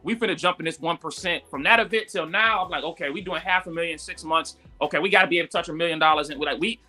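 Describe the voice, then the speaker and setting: Man, high-pitched, bright voice, animated storyteller, lots of fillers, faint music behind. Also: racing. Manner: animated, acts out quotes with sudden high pitch jumps; frequent fillers "like" and "yo". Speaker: guest entrepreneur. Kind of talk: casual storytelling on a live talk stream.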